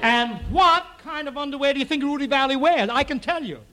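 A man telling a rambling comic story to a live audience, full of quick punchlines and asides to the crowd. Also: very high voice, bright, forceful tone.

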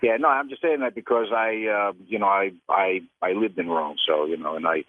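A man's voice: fairly low pitch, brisk, dry recording. A man calling in to a radio show, rambling and combative, full of fillers. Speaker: caller. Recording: tinny phone line on radio.

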